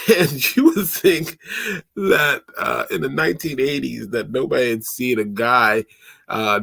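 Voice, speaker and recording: A man with a gravelly, fry-tinged voice runs through a film recap in casual chat, laughing and jumping into funny voices for the characters. His sound is close and dry, with no room around it. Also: fairly low pitch, dry recording. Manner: animated, laughing, acting out quotes in voices. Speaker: podcast host. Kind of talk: casual movie recap commentary.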